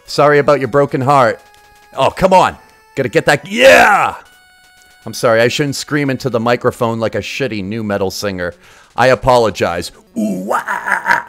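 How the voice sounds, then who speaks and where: A man's voice: medium pitch, a little fast, no echo, faint music behind. A man streaming retro games, giving casual live commentary in a crude, sarcastic, joking way. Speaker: game streamer.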